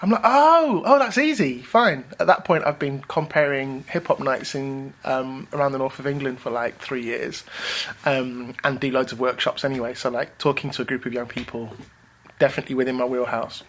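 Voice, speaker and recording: A man, a rapper and writer, telling stories in a relaxed interview, animated and bouncy, acting out other people's voices. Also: medium pitch, fairly quick. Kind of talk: casual interview storytelling.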